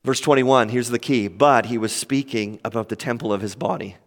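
Conversational preacher in a reverberant hall. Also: male voice, fairly quick. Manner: conversational, acts out quoted voices with lively pitch swings. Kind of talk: sermon.

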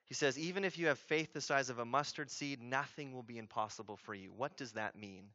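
This brisk sermon comes from a male pastor who is emphatic, leans on rhetorical questions and repeated key phrases, and moves from loud urgency down to a low hush. The recording sounds muffled.

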